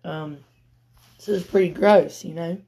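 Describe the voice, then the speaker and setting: A woman preaching a sermon, telling a Bible story and building to loud, emphatic peaks. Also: lowish voice, unhurried.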